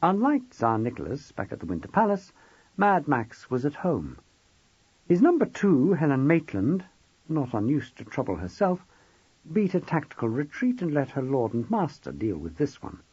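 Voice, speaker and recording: A man narrating an audiobook with wry, expressive storytelling. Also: on the high side, moderate pace, slightly rough, no echo. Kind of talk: scripted narration. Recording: dull dry close recording.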